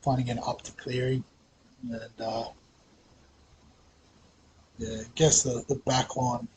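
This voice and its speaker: A man's voice: mid-range voice, level tone, slow pace, noisy background. A man with an Australian accent hosting a fantasy sports vlog, talking casually with lots of hesitations, fillers and restarts. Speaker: fantasy sports channel host.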